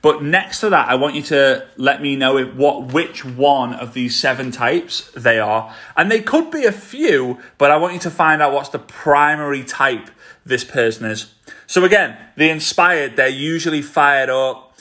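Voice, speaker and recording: A man with a Scouse accent from Liverpool, hosting his own podcast and speaking straight to his listeners in an energetic, motivational way. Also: medium pitch, a little slow. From England. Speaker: podcast host. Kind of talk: solo podcast talk.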